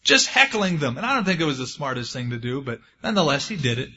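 A man's voice: mid-range voice, quick pace, husky. A man preaching a sermon, retelling scripture in a folksy storytelling way and acting out the quotes. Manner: folksy storytelling, acts out quotes with lively swings. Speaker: pastor. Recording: dull lo-fi sermon recording.

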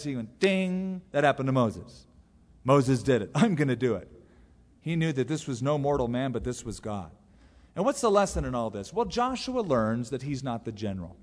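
A man preaching a sermon as a pastor, telling the story in a lively way and briefly acting out the characters' lines. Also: fairly high pitch. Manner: animated storytelling, acting out the characters in quick voices. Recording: long hall reverb.

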